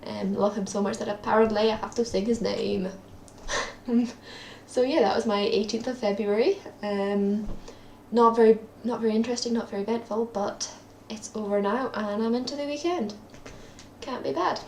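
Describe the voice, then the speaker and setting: Young Scottish woman vlogging at home: gravelly, rambling, echoey room. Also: on the high side, steady tone, moderate pace, slight background noise. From Scotland. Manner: rambling and self-deprecating, many ums. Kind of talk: casual daily video diary. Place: at her parents' home, indoors.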